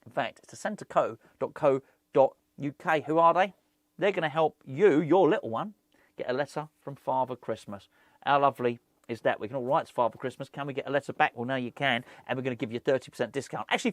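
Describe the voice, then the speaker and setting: A man's voice: on the high side, dry recording. Rambling man, dry sound. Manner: rambling, laughs often, self-deprecating. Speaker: football fan channel host. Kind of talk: casual chat to camera.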